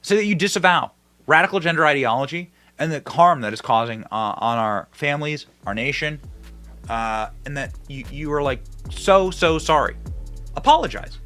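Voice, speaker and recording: Bright, forceful man ranting on air. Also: brisk, soft background music. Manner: emphatic and mocking, with big swings in pitch and loudness. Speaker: political commentary host. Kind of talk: online political commentary.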